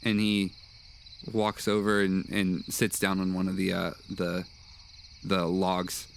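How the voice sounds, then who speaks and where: A man with a somewhat low voice narrates as game master, often pausing on fillers as he describes the scene. Faint crickets and insects chirp in the background. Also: level tone, gravelly, a little hiss or hum. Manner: hesitant, many uh fillers.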